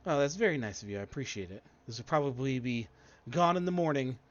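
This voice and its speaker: A man voicing a friendly, generous woman who leads a rival adventuring party, speaking a little higher than his own voice. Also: expressive, fast talker, dull audio, natural voice. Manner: chatty and generous.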